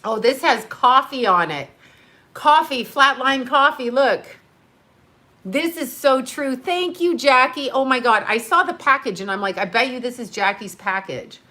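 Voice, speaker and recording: Excitable middle-aged lady live streaming, bright punchy voice, laughing a lot and kinda out of breath. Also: high voice, unhurried. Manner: gushing, excitable, laughs often. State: heavy breathing. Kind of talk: casual live-stream chat.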